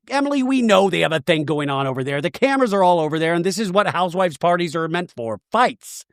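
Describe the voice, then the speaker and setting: Podcast guy doing a snarky recap, lively up and down voice, dry close mic. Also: high voice, fast, few pauses, no room sound. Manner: wry, sarcastic asides. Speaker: podcast host. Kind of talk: comedic episode recap.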